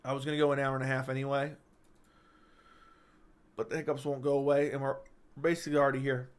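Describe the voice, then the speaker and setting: A man's voice: medium pitch, monotone, fast, clear, resonant tone. A man hosting a casual live-stream chat, answering viewers while stuck with hiccups, stopping and restarting his sentences. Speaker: MMA channel host.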